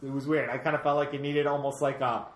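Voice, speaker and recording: A woman with a notably low voice chats casually as a podcast co-host, walking through a film's plot scene by scene. Her sentences trail off and restart as she goes. The sound is roomy, with clear echo around her. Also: little pitch movement, quick pace. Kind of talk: casual movie recap chat.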